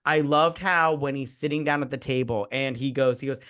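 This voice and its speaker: A man's voice: mid-range voice, steady tone, brisk, few pauses, fairly bright tone, clear, resonant tone. Rambling enthusiastic man reviewing a movie. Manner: rambling, enthusiastic, lots of fillers and quoting. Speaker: podcast co-host. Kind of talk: casual movie review chat.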